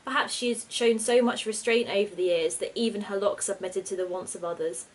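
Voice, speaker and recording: A woman reading her own storybook aloud in a steady, expressive narration. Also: mid-range voice, brisk, rough recording.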